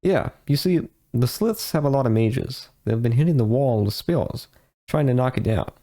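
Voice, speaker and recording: A man's voice: medium pitch, lively intonation, normal speed, warm tone, close to an everyday voice. A man reading aloud the lines of a cheerful, short female mage, plainly and without a put-on voice. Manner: plain read-aloud delivery.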